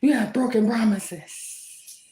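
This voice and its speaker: A woman's voice: a little high, takes it slowly, dark tone, roomy sound. A woman giving a casual tarot reading in a playful, dramatic way, laughing often. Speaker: tarot reader.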